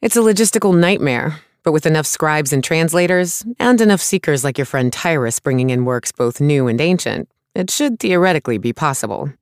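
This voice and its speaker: A man's voice: fairly high pitch, expressive, fairly quick, few pauses, smooth, dry recording, clean studio sound, voice pushed up. A male narrator voicing a small, brusque, sarcastic woman artificer who talks bluntly and impatiently. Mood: matter-of-fact.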